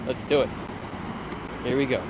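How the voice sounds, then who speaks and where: A man hosting casual street interviews on a live stream, chatty and upbeat, asking passersby quick friendly questions outdoors on a city street. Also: medium pitch. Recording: clear street traffic noise. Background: traffic and street noise.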